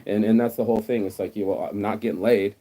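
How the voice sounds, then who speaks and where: A man's voice: on the low side, fairly even intonation, fast, mellow. A man delivering a blunt, profane rant straight to the camera in a casual vlog. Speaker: vlogger.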